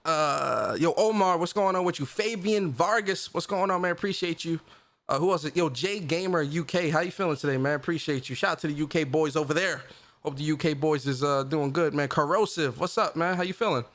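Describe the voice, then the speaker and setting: Male livestream host, casual and slangy, often laughing, slightly high voice. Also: a little fast, fairly bright tone.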